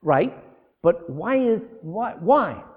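Animated man preaching a sermon. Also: high-pitched, slow pace, slightly rough. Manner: animated, preaching with rhetorical questions and asides to the congregation. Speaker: pastor. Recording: tinny phone-like lo-fi sound.

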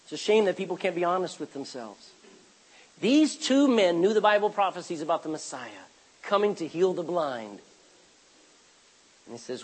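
Husky, high-voiced man preaching. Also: poor audio. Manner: animated preaching, acting out voices of people. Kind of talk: sermon.

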